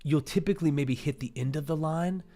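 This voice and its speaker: A man's voice: on the high side, brisk, mellow. A man, hosting a casual chat and eagerly explaining how to read Shakespeare verse. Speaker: host.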